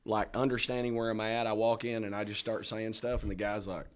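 A man's voice: lowish voice, fairly quick, slight background noise. A man with a Southern US accent, co-hosting a casual podcast and telling stories with a lot of laughter. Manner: animated storytelling, laughs often. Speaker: podcast co-host. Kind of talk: casual chat.

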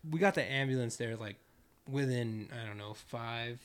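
A man's voice: mid-range voice, moderate pace, clean tone. A man in casual group chat, telling a story with many fillers and restarts.

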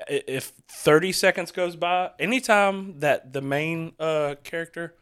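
A man's voice: on the high side, a bit bright, smooth. Guy hosting a movie reaction hangout, rambly, lots of uhs and restarts. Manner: rambling, halting, many fillers and restarts. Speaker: host leading a movie reaction. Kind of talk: casual chat.

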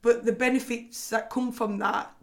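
This is a woman with a Scouse accent, talking casually as a guest on a podcast. Her voice sits a little on the high side, and her speech is loose and rambling, full of fillers and quick laughs. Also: fairly even intonation, darkish tone. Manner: chatty, lots of "like" fillers, laughs often. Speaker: guest, personal trainer and business owner.

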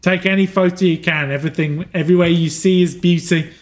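A man's voice: fairly high pitch, fairly even intonation, brisk, close to an everyday voice. A man voicing a dying male mentor who gives an earnest, encouraging farewell. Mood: tender.

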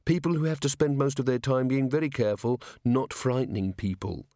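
A steady young woman of the city watch, voiced by a male reader close to his own voice. She speaks plainly and matter-of-factly. The audio is dry and close. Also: mid-range voice, a little fast, no room sound, natural voice. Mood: firm. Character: steady young female watch officer, blunt. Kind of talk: audiobook character voice.

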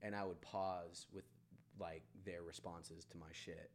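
A man's voice: flat delivery, unhurried. A man, a podcast guest, talking casually and candidly, swearing freely, rambling with restarts and bursting into laughter. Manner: laughs often, jumps up sharply in pitch when amused. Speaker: podcast guest, barbershop owner. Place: studio room, leaning against a wall.

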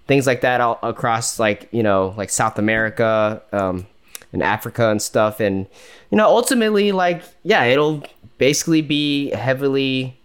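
A man's voice: medium pitch, expressive, normal speed, clear, resonant tone. A man co-hosting a casual podcast, talking tentatively and hedging with lots of "like" and "you know". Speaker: podcast co-host.

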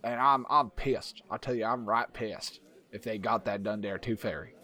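A man's voice: fairly low pitch, normal speed, sharp tone. A man playing a boastful, crude weapons inventor. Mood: indignant. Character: violent male weapons inventor and war veteran. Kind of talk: improvised comedic role-play.

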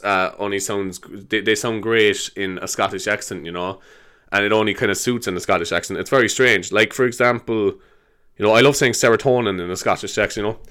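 A man's voice: lowish voice, fairly bright tone, smooth. Rambling, sweary Irish man in his twenties. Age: 20s. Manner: rambling, sweary, quick to laugh, with many fillers. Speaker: podcast host. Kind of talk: casual rambling monologue.

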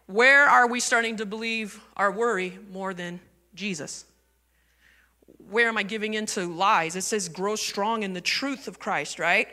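Woman pastor preaching, chatty and lively, bright tone, big echoey church sound. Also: fairly high pitch. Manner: conversational and animated, asking the congregation questions. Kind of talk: sermon. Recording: long reverb of a church hall.

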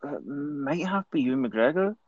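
A man's voice: on the high side, expressive, moderate pace, no echo, narrow, tinny audio. A Scottish man co-hosting a podcast, talking in a loose, rambling, conversational way. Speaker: podcast co-host. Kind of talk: casual chat.

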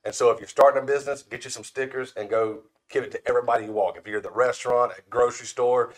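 A man's voice: medium pitch, fairly even intonation, fast. Folksy man telling stories. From Florida panhandle. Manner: folksy storyteller, acts out quoted voices. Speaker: podcast guest, brand founder. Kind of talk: casual chat.

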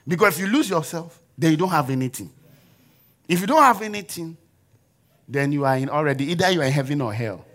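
A man's voice: on the high side, fairly bright tone, slightly rough. A man preaching a sermon in a church, leading the congregation in call-and-response and forced laughter.

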